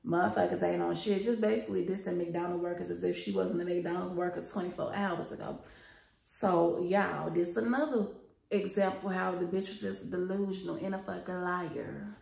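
Gravelly-voiced young woman gossiping in a roomy space. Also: lowish voice, fairly even intonation, normal speed, darkish tone. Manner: profane, gossipy, chatty, addresses viewers as y'all. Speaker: storytime vlogger. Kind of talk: casual storytime. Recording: roomy echo.

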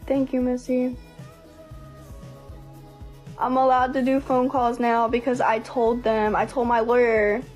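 A woman's voice: fairly high pitch, little pitch movement, a little slow, long pauses, darkish tone, lo-fi sound, faint music behind. A young woman hosting a livestream, venting bluntly and heatedly with plenty of swearing. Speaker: livestream host.

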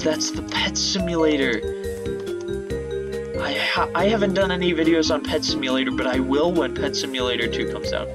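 A man hosting a gaming channel, giving rambling, excitable commentary as he plays, often repeating himself. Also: fairly high pitch. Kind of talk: playthrough commentary. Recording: loud game music behind. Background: loud game music.

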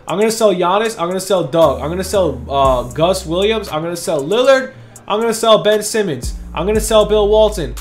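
Hype young dude, high voice, fast gaming commentary, a bit out of breath, soft music underneath. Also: male voice. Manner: fast, hyped, repeats words while talking. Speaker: gaming YouTuber. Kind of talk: casual gameplay commentary.

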